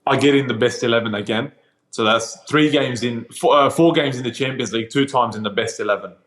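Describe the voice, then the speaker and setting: A man in his twenties from Australia, a guest on a podcast, telling stories casually and acting out his own quotes with lively shifts of voice, heard over a remote call. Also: medium pitch, quick pace, rough recording. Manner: animated storyteller, acts out his own quotes. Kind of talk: casual storytelling interview.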